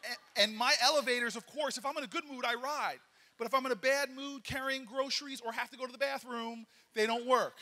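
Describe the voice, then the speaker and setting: A man tells a story from the stage at a banquet and acts out each voice in an animated way. His voice sits high and sounds bright. It rings through a large hall with long reverb. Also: fast. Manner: animated storyteller acting out dialogue. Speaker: political speaker.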